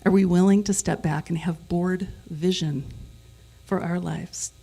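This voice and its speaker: A woman's voice: on the low side, fairly even intonation, a little slow, vocal fry, warm tone, husky. A middle-aged woman giving a conversational sermon as guest speaker, leading the congregation in repeating phrases together. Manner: leads the congregation in call-and-response repetition; conversational, with self-corrections.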